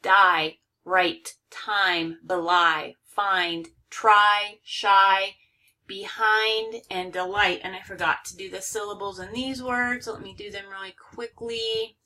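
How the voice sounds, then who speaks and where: Slow, bright-voiced woman teaching phonics. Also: mid-range voice, steady tone. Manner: slow, careful, overpronouncing example words. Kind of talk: recorded phonics lesson.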